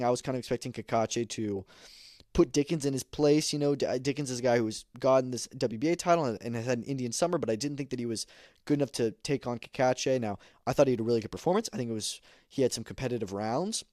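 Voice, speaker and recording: Fast-talking opinionated man on a podcast. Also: medium pitch, darkish tone, no room sound, studio quality. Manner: opinionated, emphatic, many fillers. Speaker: podcast host. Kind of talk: casual combat sports commentary.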